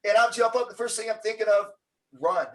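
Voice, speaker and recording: A middle-aged man telling a story as an interview guest, acting out the quotes with lively energy. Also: high voice, brisk, far from the mic, poor audio. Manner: animated storyteller, acts out quotes.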